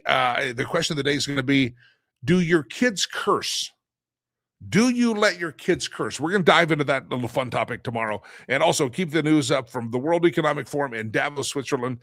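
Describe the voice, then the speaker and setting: A man's voice: a little high, fairly bright tone, no room sound. A middle-aged man hosting a daily live stream in a casual monologue, rambling, repeating himself and restarting sentences, with the odd chuckle. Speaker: show host.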